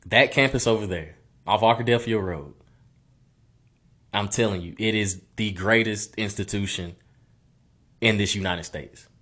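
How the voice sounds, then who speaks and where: A man's voice: fairly low pitch, unhurried, long pauses, a bit bright. A young man, a former college football player telling his story earnestly and repeating phrases as he goes. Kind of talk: personal storytelling.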